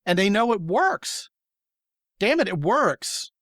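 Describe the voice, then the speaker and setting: A man's voice: high-pitched, big pitch swings, slow, a bit bright, dry recording, clean studio sound. A man hosting a podcast, talking in an emphatic, opinionated way and acting out the quoted voices he describes. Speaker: podcast host. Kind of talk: casual podcast conversation.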